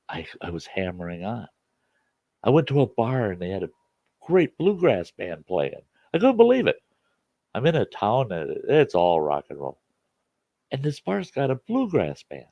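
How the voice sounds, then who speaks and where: A man's voice: sits low, dark tone, no room sound, muffled recording. A man hosting a casual chat show, telling rambling, folksy stories with many restarts. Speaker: campfire chat show host.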